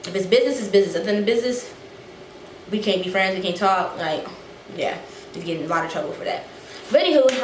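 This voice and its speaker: A young woman in her twenties, a soldier, chatting casually to her viewers in a slangy vlog recorded on her phone. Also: mid-range voice. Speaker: soldier vlogger. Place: phone recording in a room and a car. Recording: roomy phone audio with faint noise.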